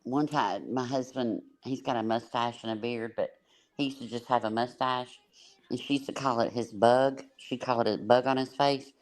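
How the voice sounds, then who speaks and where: A woman's voice: rumbling low, fairly even intonation, normal speed. A woman, hosting a livestream panel and telling blunt, laughing stories. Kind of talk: casual storytelling on a panel.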